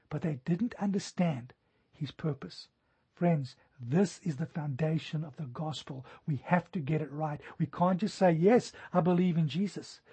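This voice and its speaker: A man preaching a sermon in a high, husky voice with a mellow, dark tone. He tells stories in an animated way, rising to emphatic peaks. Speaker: pastor.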